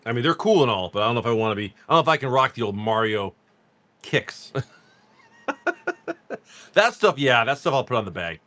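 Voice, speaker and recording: A man's voice: mid-range voice, animated, brisk, long pauses, bright, forceful tone. A man chatting casually on a live stream, joking with viewers while he reads off cards. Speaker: card-break livestream seller.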